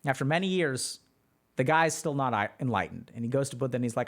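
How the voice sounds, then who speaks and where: A man's voice: mid-range voice, sing-song, a little fast, long pauses. A man on a livestream, answering chat questions in a loose, chatty way full of fillers. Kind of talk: casual livestream talk.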